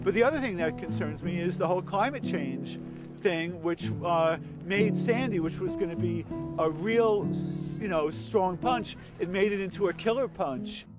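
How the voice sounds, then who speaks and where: A man's voice: sits high, moderate pace, over loud music. A man in his sixties from Long Island, speaking thoughtfully in an interview with small hesitations. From Long Island, New York. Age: 60s. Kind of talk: reflective interview.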